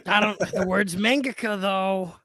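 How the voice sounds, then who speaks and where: A man's voice: high-pitched, measured pace, over a noisy crowd. A man co-hosting a livestream, joking and rambling. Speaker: co-host. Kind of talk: casual livestream chat.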